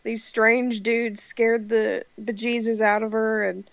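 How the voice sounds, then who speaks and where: A woman's voice: a little high, little pitch movement, slow, creaky, no room sound. A woman co-hosting a podcast, chatting casually and laughing often. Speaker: podcast co-host. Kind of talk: casual storytelling chat. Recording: dry, dull lo-fi mic.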